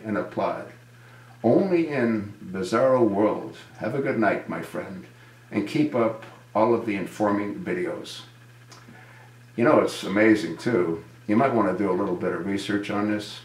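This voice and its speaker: A man with a low voice delivers an indignant political monologue, firing off rhetorical questions and answering them himself. His voice rings in an echoey room, recorded at home. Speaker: video commentator.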